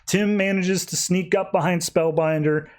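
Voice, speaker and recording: Animated man recapping comics. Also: high-pitched, normal speed. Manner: animated storytelling, acts out characters. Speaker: podcast host. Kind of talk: casual comic book recap.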